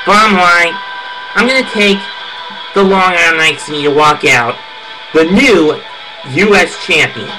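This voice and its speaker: In a rough recording with music beneath him, a man with a high voice gives his wrestling predictions at a normal pace. It's a casual monologue, full of strong opinions and prone to heated rants.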